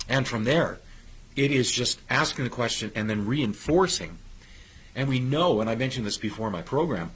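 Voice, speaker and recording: A man's voice: mid-range voice, animated, moderate pace, fairly bright tone, slight background noise, poor audio. A man hosting a talk show, encouraging his guest and summing up her story as motivational coaching. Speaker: show host.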